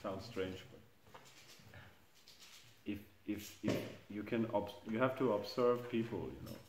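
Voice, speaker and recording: A man's voice: fairly low pitch, measured pace, very noisy. A middle-aged man giving an informal scripture class in a temple hall, speaking hesitantly and chuckling at his own jokes. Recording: echoey room.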